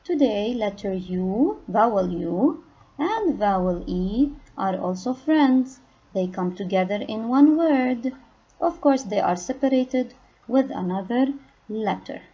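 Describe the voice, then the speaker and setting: A woman teaching a phonics lesson to young children, speaking patiently and stressing each target word loudly. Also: mid-range voice, expressive, takes it slowly, breathy edge, highs cut off. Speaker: kindergarten English teacher.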